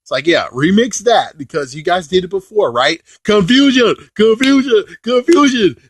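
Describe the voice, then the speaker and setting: A man giving a casual, rambling review of a show, excitable, with mild swearing and filler phrases. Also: on the high side, moderate pace, slightly rough, no room sound. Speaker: video reviewer.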